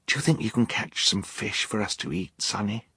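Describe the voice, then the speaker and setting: A man voicing a worried, resourceful teenage girl in an audiobook, speaking in a hushed whisper. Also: fairly low pitch, moderate pace, slightly rough, no echo, voice pushed up, full character voice.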